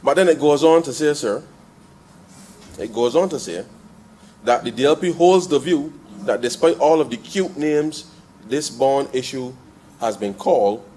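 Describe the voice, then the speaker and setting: A man giving a parliamentary debate speech in the chamber, addressing the chair with a steady "sir" and building to emphatic rises. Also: medium pitch, a little slow, slight background noise, rough recording. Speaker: member of parliament.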